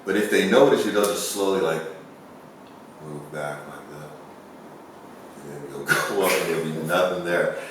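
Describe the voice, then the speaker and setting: A man's voice: low-pitched, moderate pace, pauses often. Rambling man telling ghost stories, echoey room. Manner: rambling storyteller, acts out quotes. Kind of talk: casual chat. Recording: echoey room, far from the mic, faint hiss.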